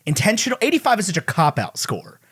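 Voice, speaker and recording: A man's voice: sits high, wildly swooping pitch, a bit bright, husky. A man co-hosting a movie podcast, joking and teasing in casual chat. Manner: joking, teasing, quick asides. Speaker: podcast co-host.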